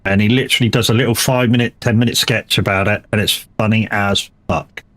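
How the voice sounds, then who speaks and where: A man's voice: fairly low pitch, steady tone, fast, fairly bright tone. A man chatting casually during a live game stream, rambling and swearing freely with many restarts.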